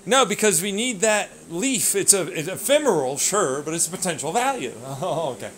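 A man rants at the camera in a loose, rambling monologue, swearing freely and lurching between low mutters and sudden bursts. His voice sits fairly high for a man and swoops up and down a great deal. A faint hiss of background noise runs under the recording. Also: animated, moderate pace, hardly any pauses. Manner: profane, rambling, swings between mutters and shouts. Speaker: vlogger. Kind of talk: ranting monologue.

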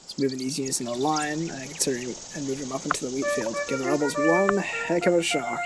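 A man hosting a game video, casually talking through his moves in a relaxed, rambling way with loud music behind. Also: medium pitch, fast, rough recording. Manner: relaxed, rambling, self-correcting. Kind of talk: casual gameplay commentary. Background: loud background music.

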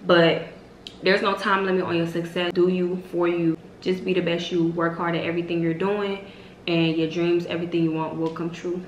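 A woman in her twenties giving emphatic, repetitive motivational faith talk as a vlog host, with sudden loud high exclamations. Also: flat delivery, normal speed, muffled recording. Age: 20s. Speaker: vlogger host. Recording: roomy echo with faint hiss.

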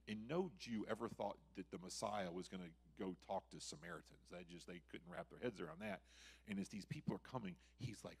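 Husky low-voiced male preacher. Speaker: missionary preacher. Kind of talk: sermon.

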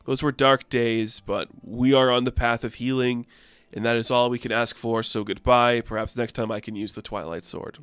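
A man voicing a weary, dignified alien warrior who speaks calmly. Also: mid-range voice, normal speed, smooth, no echo, soft background music, natural voice.

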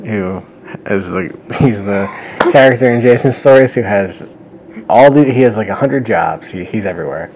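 A man hosting a podcast, casually recapping a fan story series, chatty and often laughing and clearing his throat. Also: on the low side, normal speed, noisy background. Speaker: podcast host.

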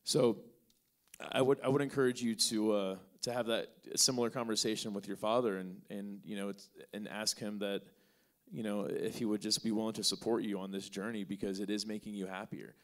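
A man's voice: lowish voice, fairly quick. A male podcast host answering an audience question in front of a live crowd and telling a story with acted dialogue. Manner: acts out both sides of a conversation; relaxed, with many fillers.

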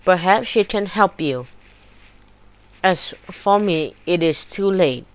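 A woman reading the lines of a cursed old male corpse crawling with spiders, in a slow, grave and mournful way. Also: on the low side, lively intonation. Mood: grim, mournful.

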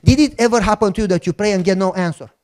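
A middle-aged Romanian-accented pastor tells a story during his sermon, animated and joking, voicing both sides of the conversations he recounts to keep things lively. His voice sits high and he races along.

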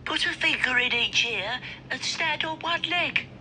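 A woman's voice: high voice, animated, unhurried, sharp tone, exaggerated voice. A woman voicing an eager young male pig in a homemade puppet play, with faint home noise and music behind. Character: friendly young male pig, Kipper's pal.

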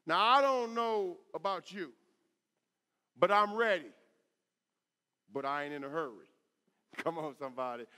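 A middle-aged man preaching a sermon as pastor, with call-and-response and rising shouts. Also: fairly high pitch, a little slow, long pauses, clean tone. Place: church sanctuary. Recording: echoey church hall.

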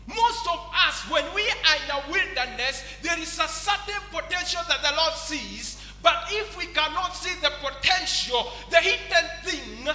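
A man's voice: very high-pitched, lively intonation, unhurried, hardly any pauses, bright, forceful tone. A man with a Kenyan English accent preaching a sermon in a large church hall, breaking often into repeated praise refrains. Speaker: pastor. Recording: echoey church hall, music behind.

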